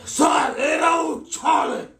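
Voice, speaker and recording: A man doing a gravelly high-pitched hollering wrestler. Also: steady tone, slow, roomy sound, far from the mic, full character voice. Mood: pumped up. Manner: shouting catchphrases, calls everyone brother. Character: loud pumped-up male wrestler impression, mustached.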